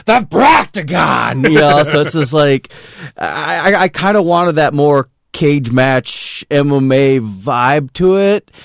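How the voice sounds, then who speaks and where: A man's voice: a little high, no echo, clean studio sound. A man co-hosting a casual podcast chat, speaking in a laid-back way, swearing freely and laughing. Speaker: podcast co-host.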